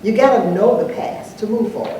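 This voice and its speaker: An older woman speaking on an anniversary panel, an animated storyteller who acts out the dialogue in her anecdotes. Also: medium pitch, brisk. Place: large echoey hall, live event. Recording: echoey hall, distant mic, faint noise.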